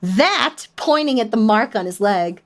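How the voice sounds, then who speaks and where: A woman's voice: a little high, unhurried, faint music behind. A woman streamer casually telling a story to her chat, laughing often and acting out the voices of panicked people. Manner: shrieks when quoting panicked people.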